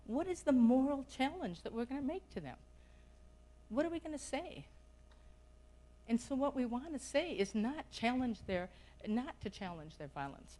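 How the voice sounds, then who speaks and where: A woman's voice: a little high, darkish tone, rough recording. A middle-aged woman giving an impassioned plenary talk at a conference, asking urgent questions of her audience. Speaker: conference speaker. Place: conference hall.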